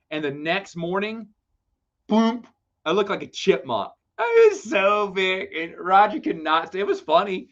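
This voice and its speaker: A man hosting a live Q&A stream, chatting casually and telling lively, playful stories to viewers. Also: high-pitched, normal speed. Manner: animated storytelling, lively and playful. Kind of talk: casual livestream chat. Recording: dull lo-fi stream audio.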